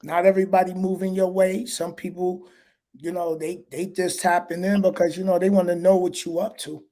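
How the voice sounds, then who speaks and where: Brief: man, fairly high voice, trucker host, slangy livestream chat, easygoing. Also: little pitch movement, moderate pace, dark tone. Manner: laid-back, slangy, laughs often.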